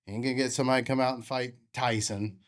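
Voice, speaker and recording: A man's voice: medium pitch, fairly even intonation, very fast. A man hosting a fight podcast, talking in a blunt, laid-back, profane way in casual chat. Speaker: podcast host.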